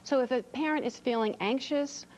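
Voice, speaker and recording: A woman's voice: high voice, moderate pace, a little mellow. Earnest woman guest, lo-fi TV sound. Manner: earnest, reassuring, repeats words when starting sentences. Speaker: child psychologist guest. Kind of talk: TV interview answers. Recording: dull lo-fi TV audio.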